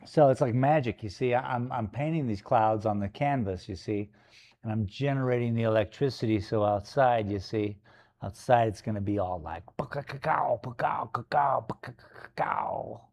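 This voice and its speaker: A man's voice: lowish voice, normal speed, warm tone. A man chatting casually and playfully on a live stream from a gallery studio while he paints, joking with his puppy.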